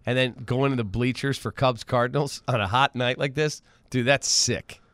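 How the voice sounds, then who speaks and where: Man, sports radio host, animated storyteller, casual talk, dry studio sound. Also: medium pitch, normal speed, dry recording. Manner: animated storyteller, acts out quoted voices. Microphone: studio mic.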